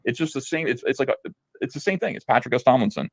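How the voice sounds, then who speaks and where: A man's voice: medium pitch, expressive, quick pace, creaky, slightly rough, dry recording. A man hosting a comics review show, giving sarcastic reaction commentary and mocking the dialogue he reads. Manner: swears freely.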